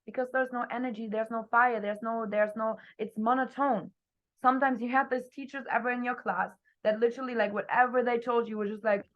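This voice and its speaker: A young woman coaching her team on a video call, talking energetically and expressively, her voice swinging between loud and soft. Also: on the high side, fairly even intonation, a little fast, muffled recording. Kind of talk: motivational talk on a group video call.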